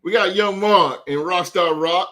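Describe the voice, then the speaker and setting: A man's voice: sits high, measured pace, bright, forceful tone. A man hosting a sports podcast in a loose, hyped way, tagging his lines with "man" and "son.". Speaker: podcast host. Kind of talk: casual sports talk.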